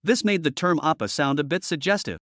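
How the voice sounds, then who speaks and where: A man's voice: on the high side, lively intonation, a little fast, a bit bright, no echo. Man narrating a story recap, dry and close.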